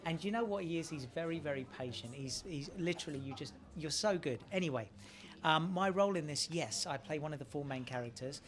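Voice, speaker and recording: A man's voice: on the high side, lively intonation, fairly quick. A man with an Australian accent answering questions as an actor in a casual press interview, chatty and friendly, often restarting his phrases.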